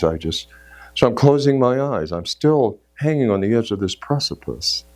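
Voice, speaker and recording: A middle-aged man telling a story in a sermon, acting out inner voices and moving from shouts to hushed tones. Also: medium pitch, big pitch swings, moderate pace. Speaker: speaker at a church service.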